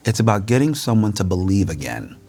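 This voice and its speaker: A middle-aged man, a guest in a casual interview over a meal, telling lively stories and acting out the voices of the people in them. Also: on the low side, fairly quick, vocal fry, breathy edge. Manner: animated storyteller, acts out quoted voices.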